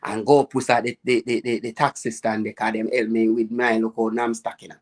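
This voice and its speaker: A man with a Jamaican accent hosting a live chat, telling lively stories about his childhood in patois and acting out the people he quotes. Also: on the low side, brisk. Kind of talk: casual storytelling chat.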